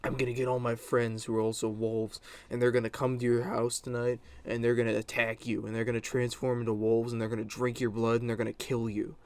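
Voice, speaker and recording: A man voicing a strange teenage boy who believes he is a wolf, speaking in intense, dramatic declarations with a gravelly edge. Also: medium pitch, completely flat delivery, a little fast, few pauses, dry recording, lightly acted. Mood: dramatic, menacing.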